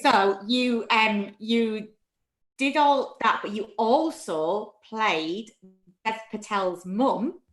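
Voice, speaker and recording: A woman's voice: a little high, very slow. A young adult woman, an actress hosting a casual interview, earnest and self-deprecating. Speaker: host, actress. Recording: echoey room.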